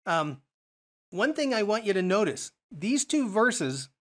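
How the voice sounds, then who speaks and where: A man's voice: high voice, sing-song, a little slow. Man teaching a Bible study. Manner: explanatory, asks rhetorical questions.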